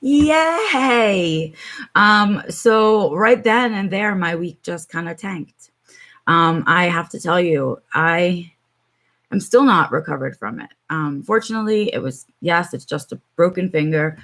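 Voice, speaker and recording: Rambly middle-aged lady live streaming from home, lowish voice, lots of ums. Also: unhurried, pushed and bright. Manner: chatty, rambling, with many ums and asides to viewers. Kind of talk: casual live stream storytelling.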